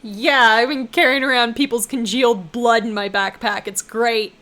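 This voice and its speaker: A woman streamer reacting casually to a visual novel, loud and exclaiming, with swearing and laughter. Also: fairly high pitch, fairly even intonation, moderate pace.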